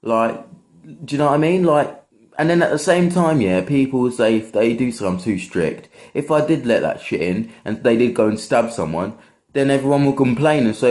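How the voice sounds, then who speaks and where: A man's voice: mid-range voice, expressive, a little fast, a little mellow. A young man, ranting casually to camera in a rambling, sweary, exasperated way. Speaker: vlogger.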